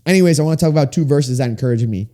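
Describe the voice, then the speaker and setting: A man in his twenties hosting a faith-based solo podcast, talking with big swings up and down in pitch, in a small room with sound panels. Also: racing, dark tone. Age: 20s. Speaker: podcast host.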